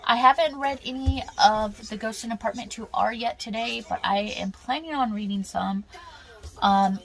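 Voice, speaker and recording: A woman's voice: on the high side, normal speed, creaky. A woman giving a casual book vlog update, chatting loosely with lots of ums, likes and restarts. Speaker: book vlogger.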